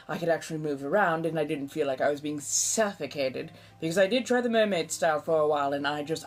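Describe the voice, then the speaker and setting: A woman in her forties hosting a livestream in a put-on old-fashioned American accent, theatrical, flowery and chatty, calling viewers darling. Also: on the low side. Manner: talkative chatterbox. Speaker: livestream host.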